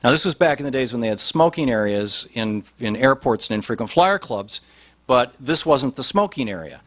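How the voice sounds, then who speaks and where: A man telling a long anecdote in a rambling, animated way, with many restarts and fillers. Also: medium pitch, moderate pace. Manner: rambling, animated, voice rises sharply in quoted lines. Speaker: speaker telling a story. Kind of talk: anecdotal storytelling talk.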